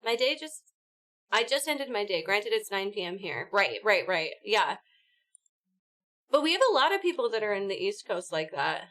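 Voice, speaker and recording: A woman's voice: mid-range voice, big pitch swings, moderate pace, pushed and bright. A woman hosting a gaming livestream, chatting casually with viewers and co-players and laughing often. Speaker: livestream host. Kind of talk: casual chat with stream chat and co-players.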